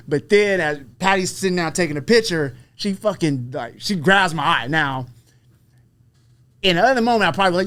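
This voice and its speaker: A man with a fairly high voice tells a story in loose, casual chat. He swears freely and acts out the voices of the people he quotes. The sound is dry and close. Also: animated, brisk, fairly bright tone, smooth, dry recording. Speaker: podcast guest, fighter.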